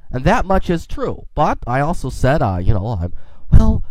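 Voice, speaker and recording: A man's voice: fairly high pitch, wildly swooping pitch, moderate pace, darkish tone, no echo, rough recording. A man hosting his own podcast, talking alone in a rambling, chatty way with folksy asides, a little sick. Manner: playful in-character space banter. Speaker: podcast host. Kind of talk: casual solo podcast monologue.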